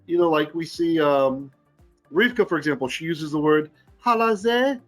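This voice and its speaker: Rabbi teaching Torah, slightly high voice. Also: male voice, animated, moderate pace, soft background music. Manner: reads Hebrew aloud, then translates and explains, thinking out loud. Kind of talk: Bible study lesson.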